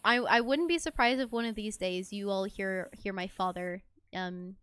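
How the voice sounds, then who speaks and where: A woman's voice: mid-range voice, normal speed, fairly bright tone, clean tone, dry recording. A woman streaming a game and chatting casually, giggly and swearing offhand. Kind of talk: casual gameplay chat.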